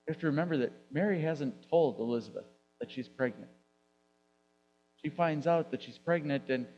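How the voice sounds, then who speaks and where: A man's voice: a little high, dark tone, dull audio, slight background noise. A male pastor preaching a sermon in a church, speaking conversationally and posing rhetorical questions to the congregation. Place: church sanctuary.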